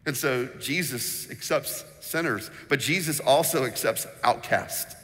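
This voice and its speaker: A man preaching a sermon as pastor, telling stories with animated energy and acting out the voices in them. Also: mid-range voice, measured pace. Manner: animated storytelling, acts out quotes; sings snippets of a children's song. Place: church sanctuary. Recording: long reverb in a church hall.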